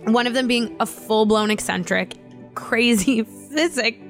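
A woman chatting casually, telling family stories in an animated way, with frequent laughs and swearing. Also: on the high side, measured pace, faint music behind. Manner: animated storytelling, swears freely, laughs often. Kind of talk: casual chat.

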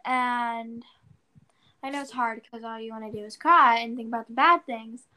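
A woman's voice: a little high, moderate pace, sharp tone. A teenage girl co-hosting a podcast in casual chat, rambling through a story with lots of "like"s and acting out her own exclamations. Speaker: podcast co-host.

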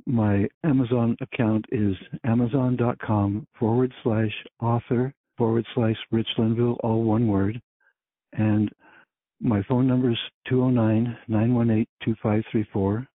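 A man's voice: medium pitch, no echo. A middle-aged man, an author and teacher, telling stories and acting out dialogue as a podcast guest. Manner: storytelling, acts out dialogue. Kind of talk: casual interview chat. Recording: dry phone-like sound.

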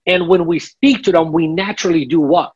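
Husky man coaching with "okay?" check-ins. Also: fairly high pitch, fairly quick, a little mellow, muffled recording. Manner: instructive, repeats "okay?" to check in. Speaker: sales coach. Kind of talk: podcast interview.

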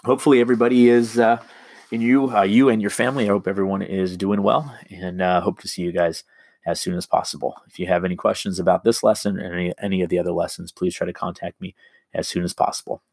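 Deep-voiced male teacher explaining an assignment. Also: little pitch movement, fast talker, creaky, a little mellow, no echo, studio quality. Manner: explains step by step, many fillers and restarts. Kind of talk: recorded remote lesson.

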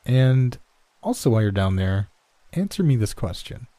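Brief: male horror podcast host, dark mellow voice, dry close sound, casual and hesitant. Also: mid-range voice, very animated, normal speed, no echo. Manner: casual, hesitant, searching for words. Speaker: podcast host, story reader. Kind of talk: horror story narration and casual chat.

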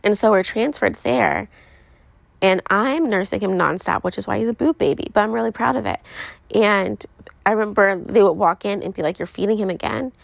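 Young woman host, confiding storyteller, gravelly fry, dry close sound. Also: medium pitch, normal speed, no room sound, low-quality recording. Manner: chatty, frequent "like" fillers, confiding. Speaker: podcast host. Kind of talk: casual storytelling monologue.

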